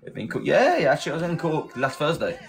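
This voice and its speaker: A man's voice: on the high side, big pitch swings, fast, low-quality recording. A man from England hosting a casual live stream, chatting, thanking viewers and rallying his team. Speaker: livestream host. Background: loud music.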